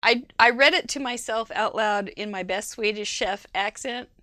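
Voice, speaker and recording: Bright, chatty Midwestern-sounding woman host. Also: a little high, moderate pace. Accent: Midwestern American. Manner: chatty, giggly, thinks aloud. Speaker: host of a live crafting show. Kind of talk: casual live-stream chat.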